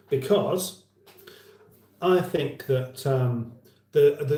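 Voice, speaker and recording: A man's voice: mid-range voice, dark tone, roomy sound. A man hosting a casual livestream, rambling chattily and reading out viewer comments. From United Kingdom. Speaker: livestream host.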